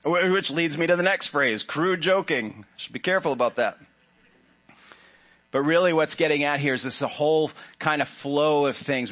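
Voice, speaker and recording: In a church sanctuary, a pastor gives a sermon in a fairly bright, medium-pitched voice. He addresses the congregation conversationally, making joking asides along the way.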